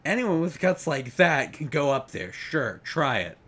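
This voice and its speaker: A man voicing a male falcon father with a Highland Scottish brogue, talking in an excitable, exclaiming way. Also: measured pace, husky, heavily acted. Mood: alarmed.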